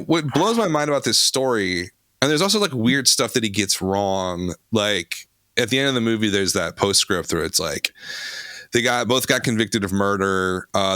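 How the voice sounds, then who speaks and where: A man's voice: on the low side, pushed and bright, no echo, studio quality. A man co-hosting a podcast, chatting casually and digressively about a film. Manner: chatty, digressive, quick to agree. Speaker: podcast co-host.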